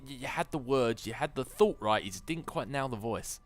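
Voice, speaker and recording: A man's voice: mid-range voice, animated, fast, few pauses, fairly bright tone, no room sound. A man giving casual, jokey commentary over a video game, musing aloud and laughing often. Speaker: gameplay commentator. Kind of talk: casual Let's Play commentary.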